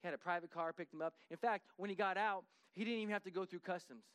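A man with a notably high voice recounts a story in a lively, conversational way. He often restarts and repeats himself. When he voices other people, he drops into a hushed tone. The recording is close and dry, with no room sound. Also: fast, clear, resonant tone, no echo. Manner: lively, acts out dialogue, drops to a hushed voice for quotes; frequent restarts and repetitions.

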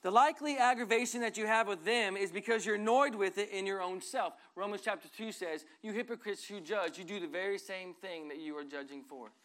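A middle-aged man preaching a sermon as pastor, earnestly reading scripture and moving between loud and soft passages. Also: sits high, a little fast, hardly any pauses.

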